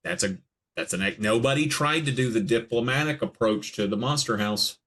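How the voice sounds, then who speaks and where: A man hosting a podcast, chatting casually about a movie with quick jokes and frequent laughter. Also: medium pitch. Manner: animated, laughing, jokey asides. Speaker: podcast host. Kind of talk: casual movie commentary chat.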